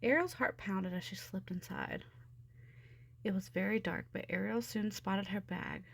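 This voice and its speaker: A woman narrating a children's storybook with an expressive, steady delivery. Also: mid-range voice, measured pace, creaky. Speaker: storybook reader. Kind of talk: storybook read-aloud.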